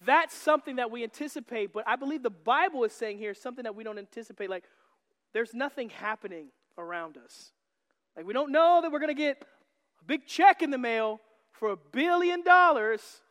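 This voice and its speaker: High-voiced preacher man in a reverberant hall. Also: animated, a little fast. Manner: joking and teasing, rising to shouts. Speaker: pastor. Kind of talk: sermon. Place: church sanctuary.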